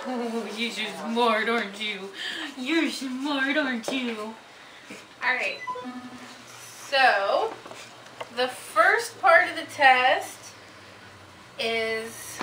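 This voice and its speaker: A woman filming a casual home video, coaxing her dogs in a sing-song voice and giggling often. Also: high voice. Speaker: dog owner running a home dog test. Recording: echoey room, far from mic, noisy.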